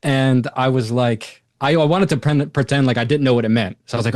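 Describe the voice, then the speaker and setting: A man's voice: medium pitch, brisk, hardly any pauses, dry recording, clean studio sound. A man, a podcast guest, telling a personal story in casual conversation, acting out the other people's lines and using lots of fillers. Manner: animated retelling with quoted voices and many fillers.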